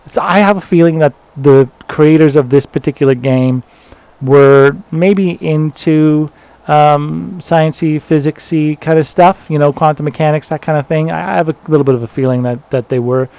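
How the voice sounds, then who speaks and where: A Canadian man rambles through casual let's-play commentary as he plays a video game, laughing often and poking fun at himself. His voice is a little high, mellow and smooth, at normal speed, with no room sound.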